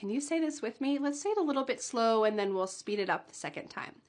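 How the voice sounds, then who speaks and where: A young adult woman teaching English pronunciation, slowly sounding out model words and sentences for learners to repeat, with small laughs between them. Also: on the high side, expressive. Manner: slow, drawn-out model words with light laughs. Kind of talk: pronunciation lesson.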